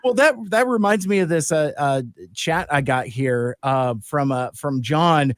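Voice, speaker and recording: A man's voice: a little high, a little slow, no echo, clean studio sound. A man hosting a podcast live stream, talking in a loose, rambling way with lots of fillers. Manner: rambling, many fillers and restarts. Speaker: podcast host. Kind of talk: casual live-stream chat.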